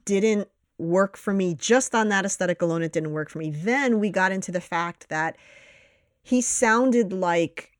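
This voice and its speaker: A woman co-hosting a casual movie review chat, animated and swearing, her voice jumping up when she makes a point. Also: a little slow, no room sound, studio quality. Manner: animated, swearing, jumps in pitch when emphatic. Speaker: podcast co-host.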